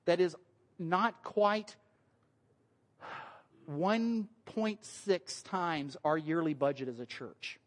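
A man, a pastor giving a relaxed, conversational sermon in church, cracking jokes. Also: fairly high pitch, slow pace, long pauses. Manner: conversational, joking, acts out quoted voices. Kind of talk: casual sermon with slides.

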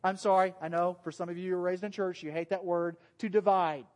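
A man with a Southern US accent preaching a sermon to a church group in a relaxed, conversational, joking way. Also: high-pitched, brisk, big-room sound. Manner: joking, conversational, self-deprecating. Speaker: pastor. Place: church meeting room.

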